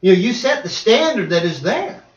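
Animated high-voiced male preacher. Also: moderate pace. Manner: animated, acts out voices and dialogue. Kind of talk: sermon. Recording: echoey hall, distant dull mic.

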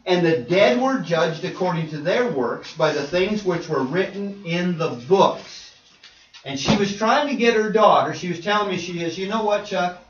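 Emphatic preacher in an echoey church. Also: male voice, high-pitched, a little hiss or hum. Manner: emphatic, swings between quiet asides and forceful exhortation. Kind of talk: sermon. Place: church sanctuary. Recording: echoey church room, distant mic, dull lo-fi.

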